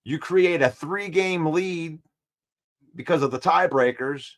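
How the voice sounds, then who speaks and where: A man with a fairly high voice hosts a sports talk show in an animated, trash-talking way. He keeps repeating his points and gets worked up as he talks. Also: takes it slowly.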